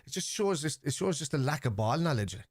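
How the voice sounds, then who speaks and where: A man with a Cork Irish accent, streaming a live football watchalong, chatting casually and shouting at the referee and players. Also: fairly high pitch, sing-song, fairly quick, dry recording, studio quality. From Ireland. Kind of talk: live match reaction chat.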